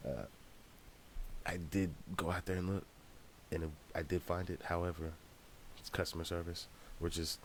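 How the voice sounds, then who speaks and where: A man's voice: deep voice, flat delivery, normal speed, long pauses, a little hiss or hum. A man telling a travel story in a casual vlog, loose, profane and ranting. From United States. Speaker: rapper vlogger.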